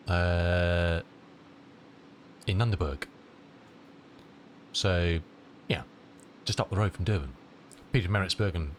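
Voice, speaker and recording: This flight-sim streamer is a middle-aged man from southern England with a matching accent, rambling casually through viewer questions on a live stream while stuffed up with a cold. He has a low voice, and the recording carries a little hiss or hum.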